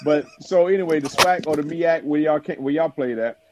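A man's voice: a little high, a little fast, over a noisy crowd. A man hosting a casual call-in chat over his cell phone, loose and teasing with his guests. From South Florida. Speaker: host. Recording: dull lo-fi phone audio.

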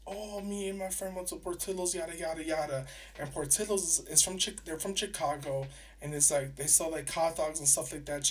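A young man hosting a podcast, telling stories in a chatty, animated way with lots of fillers and restarts. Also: on the high side. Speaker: podcast host. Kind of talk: casual solo podcast storytelling. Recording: voice a bit distant from the mic.

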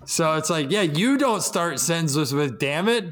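A man's voice: on the high side, expressive, a little slow, a bit bright. A man in casual podcast chat, sarcastic, mocking advice with put-on quotes.

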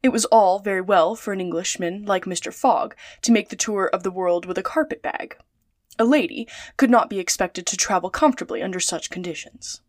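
A woman narrating a classic adventure novel in a calm, measured read-aloud. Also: fairly high pitch, no echo, studio quality. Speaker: storyteller.

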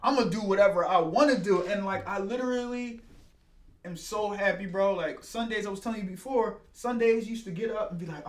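A man hosting a casual talk, telling animated stories and acting out quoted conversations. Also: high-pitched, fairly quick. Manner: animated storyteller, acts out quotes. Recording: roomy echo.

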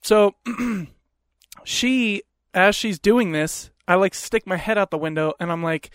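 A man hosting a podcast, telling a story in a profane, animated rant into a close mic. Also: high-pitched, slow pace, dry recording. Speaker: podcast host. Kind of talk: comedic storytelling.

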